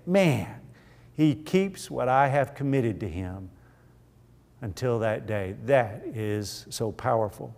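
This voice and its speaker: A man's voice: medium pitch, animated, creaky, darkish tone, long reverb tail. A man teaching an evening church Bible class in an earnest, emphatic way. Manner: earnest, emphatic, slow and deliberate.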